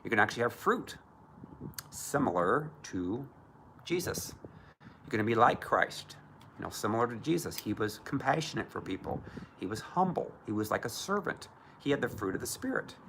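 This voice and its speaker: A man's voice: on the low side, sing-song, normal speed, noisy background. A man preaching as a Christian minister, emphatic and often mocking others in put-on voices. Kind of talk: preaching to camera.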